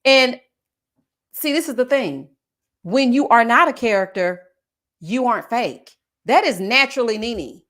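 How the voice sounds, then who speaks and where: A woman's voice: fairly high pitch, animated, measured pace, long pauses, a bit bright. A woman giving casual, sassy reality-TV gossip commentary and reading out viewer comments, calling her audience child and baby.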